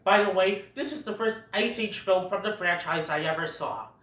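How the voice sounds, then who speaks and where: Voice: mid-range voice, moderate pace, a bit bright. A film reviewer recapping scenes in a casual way, often breaking into laughter. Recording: roomy sound, far from the mic.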